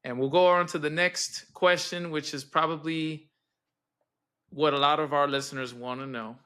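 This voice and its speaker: A man hosting a casual podcast, enthusiastic and quick to laugh. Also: on the high side, steady tone, sharp tone, clean tone. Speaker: podcast host.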